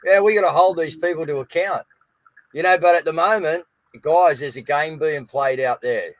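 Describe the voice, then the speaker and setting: Aussie bloke co-hosting a live stream, chatty and casual, a bit higher voice, dry close mic. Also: male voice, normal speed, dry recording, poor audio. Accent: Australian. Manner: chatty, blokey, addresses viewers as guys. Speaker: co-host of a live news stream.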